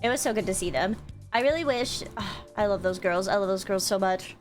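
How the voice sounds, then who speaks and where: A young woman streamer chatting with her viewers about a convention, bubbly and quick to swear, with lots of "like". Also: medium pitch, faint music behind. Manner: bubbly storytelling, swears freely, frequent "like". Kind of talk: casual chat to stream viewers.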